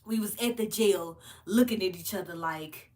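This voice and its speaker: A woman's voice: mid-range voice, moderate pace. A woman giving casual ranting commentary as a vlogger, blunt and profane, laughing between points as she tells stories. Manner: blunt, profane, animated storytelling.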